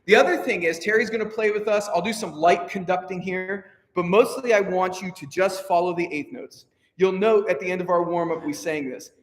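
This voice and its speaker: A man's voice: sits high, a little fast. A male choir director leading a rehearsal, upbeat and encouraging as he counts the singers in. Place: rehearsal hall. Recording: echoey hall with long reverb.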